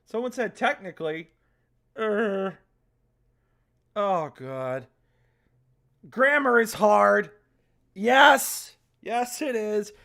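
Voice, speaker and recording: A woman streamer ranting about the game she plays, with a bright, sharp tone that cuts through. She talks at an unhurried pace, dwelling on each word when she gets worked up, and swears freely. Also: mid-range voice, creaky. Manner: ranting, exasperated, quick to swear; reads game text aloud in a flat voice. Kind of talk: live-streamed game playthrough with commentary.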